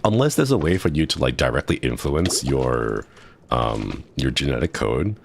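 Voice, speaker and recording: A man with an extremely deep, gravelly voice chats casually while streaming a game. He rambles from one tangent to the next and gets worked up as he goes. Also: normal speed, slight background noise. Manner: rambling, chatty, excitable tangents. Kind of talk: casual chat while gaming.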